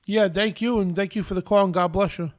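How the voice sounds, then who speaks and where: Chatty high-voiced host. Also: male voice, fairly even intonation, fairly quick. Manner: chatty, laughing, full of fillers. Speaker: radio show host. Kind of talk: casual live radio chat.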